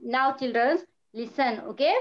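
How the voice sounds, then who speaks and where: A woman's voice: high-pitched, normal speed, highs cut off. A woman teacher giving an online primary school lesson, patiently repeating words and praising often.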